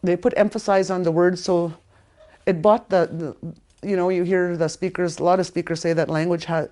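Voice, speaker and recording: A woman teaching a language lesson in a casual way, repeating words slowly and stressing them strongly. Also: lowish voice, steady tone, warm tone. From Canada.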